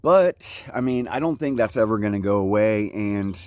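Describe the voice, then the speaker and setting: With lively intonation and a fairly low, slightly mellow voice, a Central Florida thru-hiker in his forties vlogs casually along a hiking trail at a moderate pace. He speaks in laid-back surfer style, full of "like, you know, man," on a dry recording.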